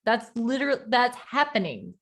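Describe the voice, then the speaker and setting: A woman being interviewed as a guest, speaking reflectively and often pausing to search for the right words. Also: on the high side, huge pitch swings, a bit bright. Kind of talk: conversational interview.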